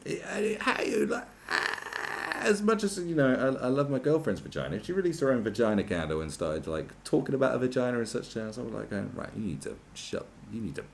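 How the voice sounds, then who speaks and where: A man's voice: mid-range voice, very animated, brisk, vocal fry, few pauses, slight background noise. A man on a podcast, ranting crudely and sarcastically with many restarts and mocking asides. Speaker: podcast host. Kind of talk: crude comedic rant.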